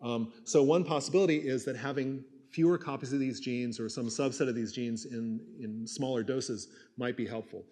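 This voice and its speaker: A man's voice: mid-range voice, steady tone, moderate pace, few pauses, darkish tone. A man, a neuroscience professor, answering audience questions at a university assembly in a conversational way, thinking aloud with frequent fillers. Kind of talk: lecture Q&A answers.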